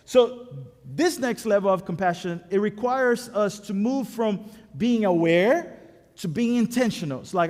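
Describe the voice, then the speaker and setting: A man's voice: high-pitched, a little slow. A man preaching as a pastor in a conversational, storytelling way, with self-deprecating humor. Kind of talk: sermon. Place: church sanctuary. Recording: echoey church hall.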